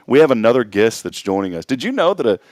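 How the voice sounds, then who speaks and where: Lively, joking man hosting. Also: medium pitch, fast, dry recording, studio quality. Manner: playful, jokey, animated. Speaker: morning show host. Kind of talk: casual chat. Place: studio.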